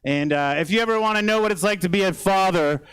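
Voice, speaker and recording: A man's voice: high voice, fast, fairly bright tone, clear, resonant tone, low-quality recording. A man in his thirties with a Canadian accent doing a rambling stand-up set on a theater stage, swearing often. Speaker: stand-up comedian.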